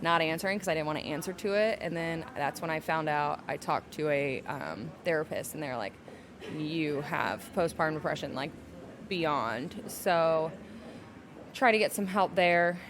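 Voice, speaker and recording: A young adult woman, a podcast guest telling her personal story candidly and emotionally, slowing down to hold back tears. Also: sits low, background noise. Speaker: podcast guest, salon owner.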